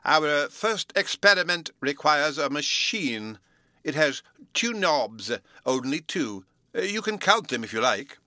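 A fussy, absent-minded old professor lectures in a slow, high, pompous storybook voice, as a man reads him. The tone is bright and it swings up and down a lot. The sound is dry and close, with no room around it. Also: sing-song, dry recording, full character voice. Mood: pompous lecturing. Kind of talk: storybook reading.

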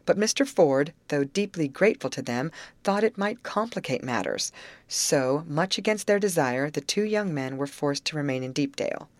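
A woman narrating an old novel as an audiobook in a steady, measured way. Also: deep voice, dry recording. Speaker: audiobook reader.

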